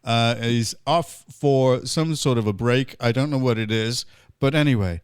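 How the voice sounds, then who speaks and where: A man's voice: medium pitch, a little slow, smooth, no room sound, clean studio sound. A man hosting a comic online pub chat, talking in a theatrical, jokey, mock-grand way. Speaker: podcast host.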